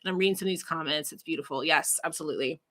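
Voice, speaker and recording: A woman's voice: low voice, very fast, fairly bright tone, slight background noise. A woman hosting a casual livestream announcement, emotional and laughing as she chokes up reading comments. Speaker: livestream host, coach.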